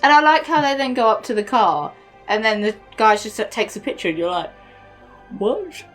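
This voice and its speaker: A woman's voice: fairly high pitch, a little fast, faint music behind. Chatty woman retelling a show. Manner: animated retelling, quotes characters, laughs. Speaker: reaction channel co-host. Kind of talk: casual chat.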